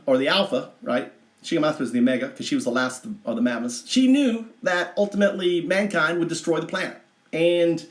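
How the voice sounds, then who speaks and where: A man telling a mythic story on a livestream, meandering and halting with many asides. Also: fairly high pitch, a bit bright. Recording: echoey room.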